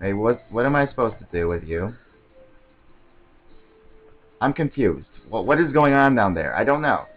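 Rambling, excitable man commentating a game. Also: fairly low pitch, moderate pace, pauses often, phone-quality sound. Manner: excitable, rambling self-talk with frequent stammered restarts. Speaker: let's play commentator. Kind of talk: casual gameplay commentary.

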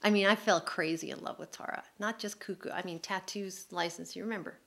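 A middle-aged woman speaking to an audience about her own life, candid and emotional, her words tumbling out quickly. Her voice sits a little low for a woman. She tells the story as it comes to her, unscripted and heartfelt. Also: fairly even intonation, creaky, a bit bright. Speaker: author speaking at a public forum. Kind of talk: personal storytelling talk.

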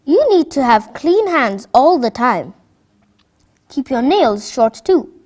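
A woman's voice: high voice, sing-song, a little mellow, exaggerated voice. A woman as a patient doctor. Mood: instructive. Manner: slow, instructive. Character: patient, kind doctor giving advice.

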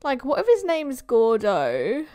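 A woman's voice: sits high, wildly swooping pitch, slow, warm tone, dry recording. A young British woman giving playful, teasing commentary while reacting to a film. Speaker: movie reaction host.

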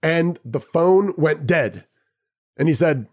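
Male podcast host, slightly raised pitch, casual anecdotal storyteller. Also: slow pace. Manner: lively anecdotal telling with chuckles. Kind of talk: personal storytelling.

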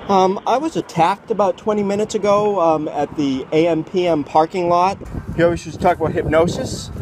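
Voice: medium pitch, fairly quick, background noise. A filmmaker narrating a documentary and questioning people on recorded calls, blunt and indignant, swearing freely.

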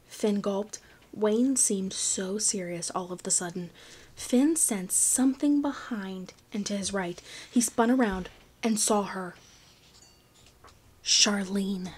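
A woman reading a novel aloud as audiobook narration, in a slow, hushed storytelling manner. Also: mid-range voice, breathy edge. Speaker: audiobook reader.

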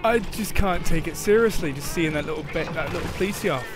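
A man's voice: fairly high pitch, brisk, background noise. A man doing casual gameplay commentary, giggling and laughing through his words. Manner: giggly, keeps breaking into laughter. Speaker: gameplay video host. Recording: game music behind the voice.

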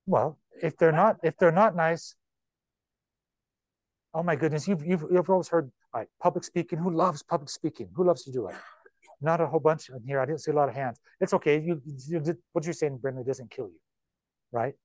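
A man, a real estate broker, giving an informal training talk to agents in a chatty, animated way, with quick repeats and asides. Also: on the high side, no room sound.

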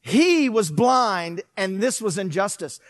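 A middle-aged man preaching a sermon, animated, swinging from loud to hushed and acting out quotes. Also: sits high, slow pace, no room sound. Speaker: pastor.

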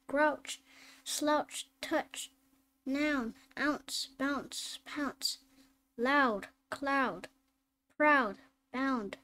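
A woman reading phonics drills and simple sentences aloud, slow and deliberate, word by word. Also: high voice, sharp tone, slight background noise. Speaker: phonics teacher.

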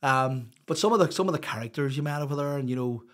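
A man's voice: mid-range voice, expressive, fast talker, fairly bright tone. A Northern Irish man, a podcast guest, telling his life story in a rambling, open way, full of "you know". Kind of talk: casual storytelling interview.

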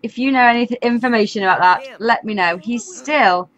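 A woman's voice: a little high, a little fast, a bit bright, dull audio. A woman giving casual, chatty commentary over a life-sim game, often exasperated and laughing. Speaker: gaming YouTuber. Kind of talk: casual let's-play commentary.

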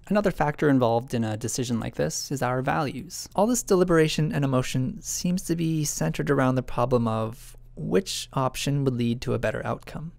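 A man's voice: medium pitch, vocal fry, darkish tone, no echo. A man narrating a reflective video essay, musing and questioning himself as he thinks aloud.

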